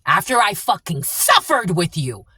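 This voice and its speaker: A woman's voice: medium pitch, huge pitch swings, normal speed, pushed and bright, husky, no room sound, studio quality. A woman giving a tarot reading who swears often and repeats herself bluntly. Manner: profane, blunt and repetitive. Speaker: tarot reader. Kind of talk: angry spiritual tarot reading.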